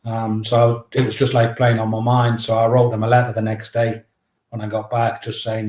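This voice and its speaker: A man's voice: on the low side, moderate pace. Chatty man telling a story. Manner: lively, anecdotal, acts out dialogue. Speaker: guest, memoir author. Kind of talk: casual storytelling. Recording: roomy echo.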